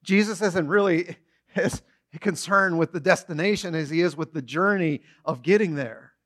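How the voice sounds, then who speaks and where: A man preaching a sermon, retelling a story with animated storytelling and short acted-out quotes. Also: fairly high pitch, moderate pace.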